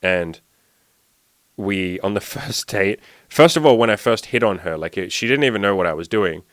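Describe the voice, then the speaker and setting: A man's voice: on the low side, animated, moderate pace, fairly bright tone, no echo. A young man, a dating and self-improvement coach, telling a story in a loose, rambling way full of "like" fillers. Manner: rambling, heavy use of "like" fillers. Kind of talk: casual storytelling monologue.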